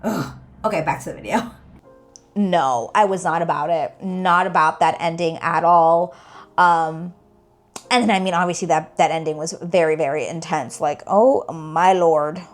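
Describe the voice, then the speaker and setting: A young woman talking casually to camera as a TV reaction vlogger, animated and exasperated, filling her speech with "like" and "girl". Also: fairly low pitch, moderate pace, soft background music.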